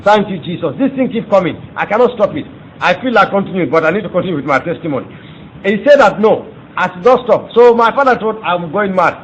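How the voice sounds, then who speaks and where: Fervent man preaching his testimony. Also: quick pace. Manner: fervent, emphatic, rises in pitch when excited. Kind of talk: testimony sermon. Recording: dull lo-fi recording with faint ambient noise.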